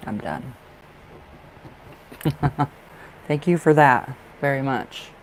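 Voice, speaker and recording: Speaking very slowly but with animation, this young man's mid-range voice comes through poor audio with a little background noise. He reads tarot on a livestream from a dark room in his home, chatting loosely with viewers. He drifts off track easily and keeps apologizing and laughing.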